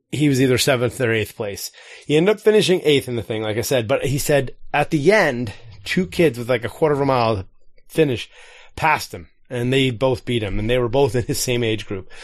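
A man's voice: mid-range voice, fairly quick, no echo, studio quality. Rambling man telling family stories. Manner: rambling storyteller, acts out quotes. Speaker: podcast co-host. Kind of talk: casual chat.

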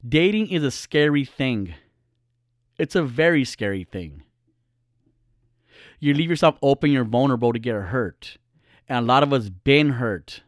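A man's voice: mid-range voice, no echo, studio quality. A man who is a podcaster and social media personality, telling a story as a casual monologue. He talks in a profane, ranting way.

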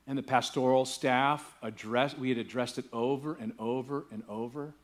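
A man's voice: medium pitch, fairly even intonation, moderate pace. A male pastor preaching a sermon, telling a story casually and building to emphatic preaching. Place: church.

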